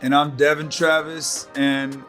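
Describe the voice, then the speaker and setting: A man's voice: on the high side, level tone, unhurried, fairly bright tone, soft background music. Upbeat man hosting a podcast. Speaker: podcast co-host. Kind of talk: casual podcast intro chat.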